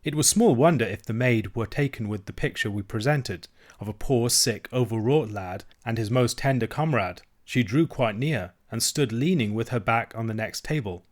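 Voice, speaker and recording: An audiobook reader with a medium-pitched voice narrates a classic novel aloud. His scripted storytelling is measured and even.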